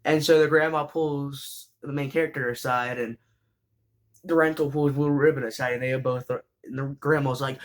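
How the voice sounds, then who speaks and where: A man casually recapping an anime, rambling with lots of fillers and restarts and bursts of excitement. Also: medium pitch, normal speed.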